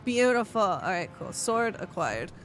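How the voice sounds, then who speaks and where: A woman's voice: mid-range voice, big pitch swings, measured pace. Playful woman streamer. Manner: playful, teasing, thanks viewers. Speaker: streamer host. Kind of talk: casual gaming chat. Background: game music.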